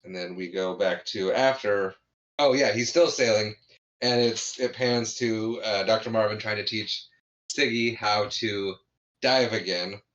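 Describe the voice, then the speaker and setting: A man with a low voice that is bright and forceful, recapping a comedy film in a relaxed chat. He retells the scenes with lots of restarts. The recording is dull and lo-fi. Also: a little slow. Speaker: podcast co-host. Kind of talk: casual movie review chat.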